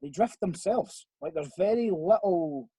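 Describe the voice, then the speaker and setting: A man's voice: sits high, expressive, measured pace, dark tone, slightly rough, no room sound, low-quality recording. A young Scottish man on a video call, telling a rambling, sweary story in casual chat. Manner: rambling, sweary, laid-back. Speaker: podcast guest.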